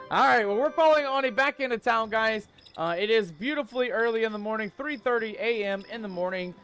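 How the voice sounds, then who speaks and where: High-voiced playful man streamer. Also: expressive, a little fast, hardly any pauses, fairly bright tone, soft background music. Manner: playful, chatty. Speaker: game streamer. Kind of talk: casual gameplay commentary.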